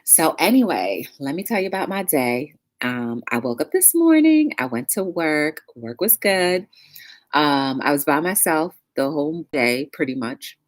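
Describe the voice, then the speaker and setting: A woman's voice: low voice, big pitch swings, unhurried. A woman hosting a casual live-stream talk show, greeting viewers by name in a bubbly sing-song way and chatting upbeat about her day.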